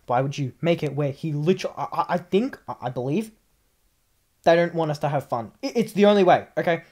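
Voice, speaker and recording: An Australian gaming YouTuber with an Australian accent rants in casual commentary, exasperated, repeating himself and stumbling over words. His voice is on the high side with a darkish tone.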